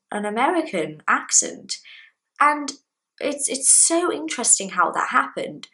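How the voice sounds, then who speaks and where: Animated woman teaching English. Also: low-quality recording. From Brazil. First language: Portuguese. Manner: chatty, animated emphasis with pitch jumps. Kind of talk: casual video lesson to camera.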